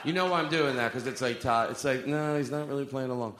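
A man's voice: mid-range voice, quick pace, very noisy. A man doing loose, profane, self-mocking stand-up banter with a live audience on stage. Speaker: comedian. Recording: roomy live venue sound.

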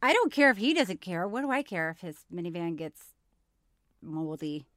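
A woman's voice: fairly low pitch, big pitch swings, normal speed, a bit bright, no room sound, clean studio sound. A woman co-hosting a podcast in casual, giggly chat that often trails off. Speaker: podcast co-host.

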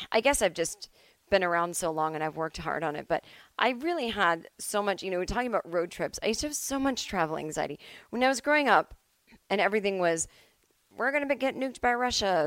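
Very animated and brisk, this medium-pitched woman is recorded with no room sound. She's a Massachusetts podcast host in her forties doing a solo comedy show from home, rambling self-deprecatingly and peppering her talk with "like" and "I don't know."

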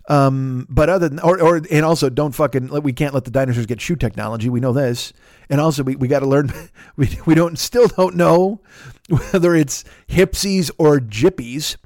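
A man hosting a podcast, doing a comedic ad read in a profane, rambling, animated riffing way. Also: mid-range voice, dry recording, studio quality. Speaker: podcast host reading an ad.

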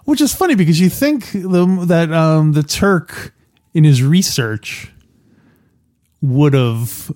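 A man's voice: on the high side, expressive, takes it slowly, darkish tone. A man co-hosting a podcast, thinking aloud about a film with many restarts. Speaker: podcast co-host. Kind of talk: casual film discussion.

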